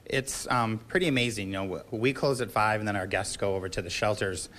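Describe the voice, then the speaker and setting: A man who works at a shelter answering a reporter's questions live, talking quickly with casual fillers. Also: fairly low pitch, fairly bright tone, a little hiss or hum. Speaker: shelter staff member. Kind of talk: live TV interview. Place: outdoors at a shelter.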